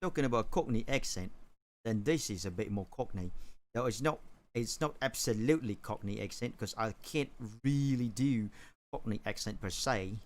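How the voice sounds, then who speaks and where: A man's voice: on the low side, moderate pace. Man rambling casually while drawing. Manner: rambling, hesitant, chuckling, many fillers. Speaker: livestreamer drawing on stream.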